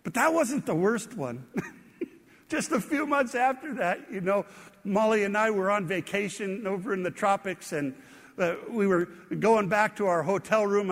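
A man's voice: high voice, fairly bright tone, big-room sound. A man preaching a sermon, telling stories about his own falls with self-deprecating humor. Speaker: pastor.

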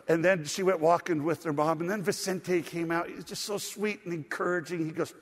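A middle-aged male pastor with a high voice and a slightly raised tone preaches a sermon at a fairly quick pace. He tells personal stories conversationally, full of "uh"s and false starts, and the long reverb of a large church hall echoes his words.

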